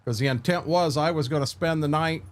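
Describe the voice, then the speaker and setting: A man's voice: on the high side, fairly quick. A middle-aged man, chatting casually on his livestream at home, telling rambling, candid stories and answering viewers by name. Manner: rambling, candid storytelling, frequent restarts, answers chat by name. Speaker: livestream host.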